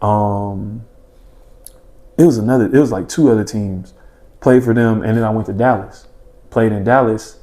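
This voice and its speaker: A young man chatting casually as a podcast guest, telling stories in an animated, slangy way and acting out his own past thoughts and his friends' reactions. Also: lowish voice, normal speed, long pauses. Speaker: podcast guest, former junior college basketball player. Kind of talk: casual storytelling in a podcast chat.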